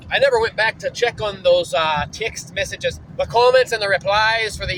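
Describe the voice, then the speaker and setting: A man's voice: high-pitched, moderate pace, few pauses, a bit bright, slight background noise, poor audio. A man vlogging casually while driving, loose and profane, trailing off with fillers. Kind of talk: casual rambling vlog. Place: in a moving vehicle on an early morning drive.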